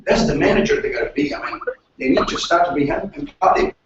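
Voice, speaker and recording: An Italian man talks in animated, broken English, swearing freely and repeating himself. His voice sits high. He is recorded from a distance in a very echoey space, and the sound is muffled. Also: quick pace, creaky, noisy background. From Italy. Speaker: manager. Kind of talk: casual chat.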